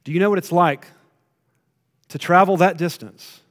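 A man preaching a sermon, retelling a story with emphatic rises and quiet drops. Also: on the high side, measured pace, pauses often, big-room sound. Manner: storytelling, rising to emphatic then dropping to quiet.

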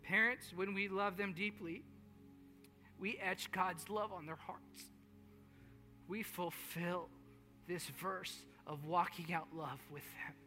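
A man preaching a sermon as pastor, earnest and repetitive, moving between hushed storytelling and rising appeals. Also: high voice, steady tone, takes it slowly, pauses often. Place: large church hall. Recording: long hall reverb with faint music.

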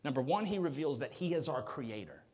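A male pastor preaching a sermon, animated, firing rhetorical questions and swelling to a shout. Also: mid-range voice, brisk, breathy edge, big-room sound.

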